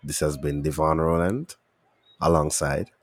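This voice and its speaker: A man from Saint Kitts with a Kittitian accent, co-hosting a casual podcast chat, animated and emphatic. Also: a bass voice, a little slow, dry recording. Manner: animated, emphatic, shifts into local dialect. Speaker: podcast co-host.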